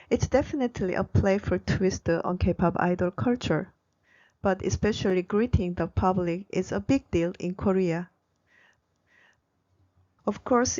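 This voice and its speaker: A woman's voice: medium pitch, a little mellow, lo-fi sound. Woman narrating a culture explainer. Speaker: Korean language educator. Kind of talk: scripted narration.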